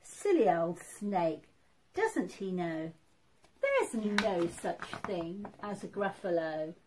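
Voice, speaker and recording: A woman leading a church toddler group, reading a picture book aloud in an animated, sing-song way. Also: lowish voice, slow, slight background noise, rough recording. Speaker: children's group leader.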